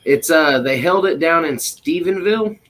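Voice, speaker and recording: A man's voice: a little high, animated, moderate pace, fairly bright tone. A man from Kentucky with a Kentucky Southern accent, swearing and laughing as he tells stories in casual chat. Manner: profane, laughing storyteller.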